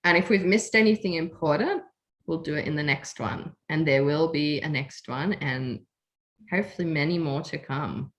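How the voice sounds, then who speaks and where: A woman's voice: sits low, moderate pace. A woman hosting a podcast, chatting casually and effusively, often laughing and emotional. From Australia. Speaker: podcast host. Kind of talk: casual chat.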